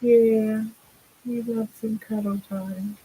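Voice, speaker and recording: Slow, husky older woman cooing. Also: a little high, little pitch movement, dark tone, rough recording. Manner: coos to her pets in baby talk. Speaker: livestream host. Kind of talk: casual livestream chat.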